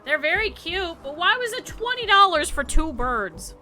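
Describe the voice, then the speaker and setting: A woman streaming a game, rambling casually and bursting into loud excited outbursts. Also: extremely high pitch, moderate pace, faint music behind. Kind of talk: casual gaming stream chat.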